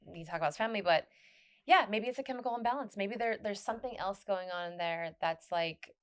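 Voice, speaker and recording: A woman hosting a casual podcast conversation, talking in rambling, animated bursts with frequent restarts and laughter. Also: mid-range voice, fast. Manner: rambling, many restarts and fillers. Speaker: podcast host.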